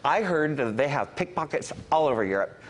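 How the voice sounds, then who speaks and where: Animated man telling comic stories. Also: a little fast. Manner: animated, jumps into squealing high-pitched punchlines. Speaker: guest. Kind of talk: comic storytelling on a talk show.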